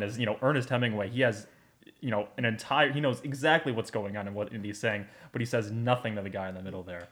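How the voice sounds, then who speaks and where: A man's voice: fairly low pitch, fairly even intonation, fast. A man co-hosting a podcast in casual chat, enthusiastic and rambling with lots of fillers. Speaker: podcast co-host.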